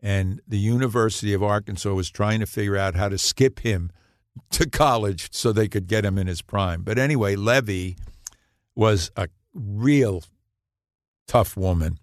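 A man in his eighties, a podcast guest, telling anecdotes in an animated way and laughing at his own punchlines. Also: on the low side, normal speed, dry recording, studio quality. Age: 80s. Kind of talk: storytelling in a podcast interview.

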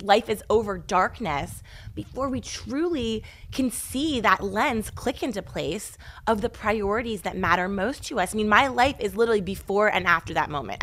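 A woman hosting a podcast interview, telling stories in an animated, emphatic way. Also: mid-range voice, slight background noise. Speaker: podcast host. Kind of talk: casual interview chat.

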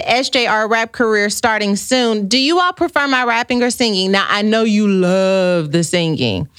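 A woman's voice: fairly high pitch, a bit bright, no echo, clean studio sound. A middle-aged woman hosting a podcast, chatting playfully with viewers and reading out their comments. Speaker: podcast host. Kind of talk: casual livestream chat with viewers.

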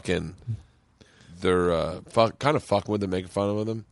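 A middle-aged man hosting a podcast, telling loud stories in casual chat and jumping to high squeaky voices when quoting people. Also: moderate pace, no echo. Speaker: podcast host.

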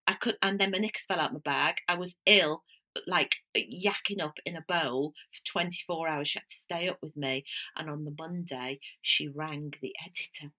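A middle-aged woman, co-hosting a podcast and telling stories in a chatty, animated way. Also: low voice. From Northwest England. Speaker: podcast co-host. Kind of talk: casual chat.

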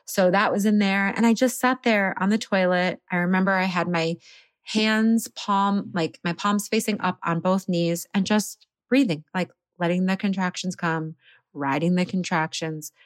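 A woman in her thirties casually telling her birth story as a podcast guest, animated and laughing often. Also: lowish voice, normal speed, dry recording, studio quality.

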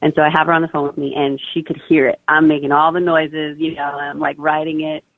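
A young woman tells a personal story in loose, chatty speech, peppered with "like" and "you know". Her voice has a gravelly fry to it. The sound is thin and phone-like, with no room echo at all. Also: low voice, little pitch movement, quick pace. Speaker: guest. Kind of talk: personal birth story told in an interview. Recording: tinny, dry phone-line audio.

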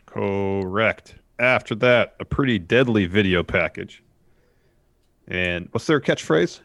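A man's voice: fairly low pitch, slow pace, gravelly, a bit bright, no echo. A man co-hosting a podcast, recapping events in a dry, matter-of-fact way. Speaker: podcast co-host. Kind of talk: casual chat recapping wrestling.

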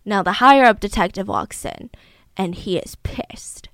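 A woman casually retelling a true crime story, animated, acting out the people she quotes. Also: normal speed, no room sound. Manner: animated, acts out quotes with raised pitch and volume.

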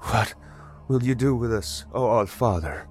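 A man's voice: medium pitch, expressive, measured pace, faint music behind, voice pushed up, close to an everyday voice. A man voicing a frightened husband who pleads in a shaky, uncertain way.

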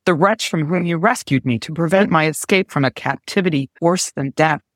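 A timid young noblewoman who has just been rescued speaks earnestly and gratefully, as a woman reads her lines. Her manner is soft and sincere. The recording is close and dry. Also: sits low, brisk, no room sound.

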